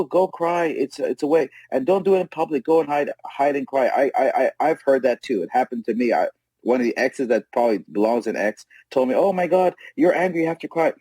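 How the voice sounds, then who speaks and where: Male caller, low dark husky voice, dry close sound, emphatic and rambling. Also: dry recording, low-quality recording. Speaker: caller on a live audio show. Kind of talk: casual opinion monologue. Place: at home. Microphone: wireless earbuds.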